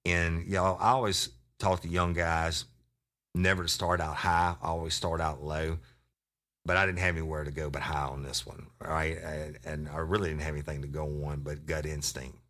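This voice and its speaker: A man tells an old police story on a podcast, blunt and full of profanity. His voice sits very low but has a forceful, bright edge. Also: flat delivery, normal speed. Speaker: podcast host, retired sheriff's deputy.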